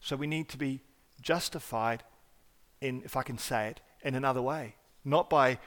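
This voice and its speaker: A man preaching a sermon as pastor, earnest and emphatic, often restarting words and swinging between loud stresses and quiet asides. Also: medium pitch, moderate pace. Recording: hall reverb.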